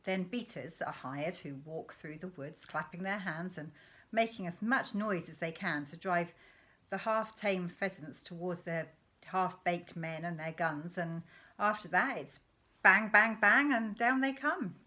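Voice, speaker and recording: A woman's voice: fairly low pitch, measured pace, fairly bright tone. A woman reading aloud voices a boastful, mischievous father who relishes telling his son tall tales about poaching. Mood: scornful.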